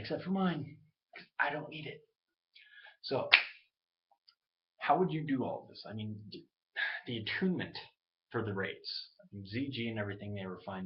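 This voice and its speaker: A man with a fairly low voice rambles loosely through his gaming talk, dropping the odd swear word. He speaks straight into a webcam, and the sound is dull and lo-fi. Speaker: gaming video creator. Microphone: webcam mic.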